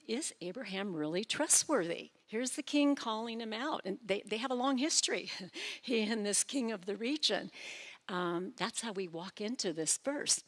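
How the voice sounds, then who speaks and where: A woman preaching a sermon in a church, explaining scripture in an animated, chatty way with light self-deprecating humor. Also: medium pitch.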